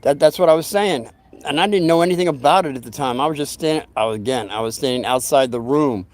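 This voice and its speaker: A man's voice: mid-range voice, quick pace, a little mellow. A man hosting his own channel, telling a story in a meandering, folksy way, often breaking off into asides. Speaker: channel host telling stories. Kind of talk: rambling casual storytelling.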